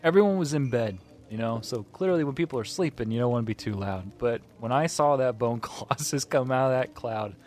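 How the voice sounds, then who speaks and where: An enthusiastic man co-hosts a podcast in casual chat. His lively delivery swoops up and down in pitch, and he keeps chiming in with agreement. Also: a little fast, few pauses. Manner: enthusiastic, animated, frequent agreeing interjections. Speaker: podcast co-host.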